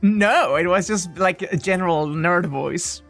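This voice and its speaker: A streamer chatting casually with a co-host during a visual novel stream, scattered and self-interrupting, with quick laughs. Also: medium pitch, a bit bright, faint music behind.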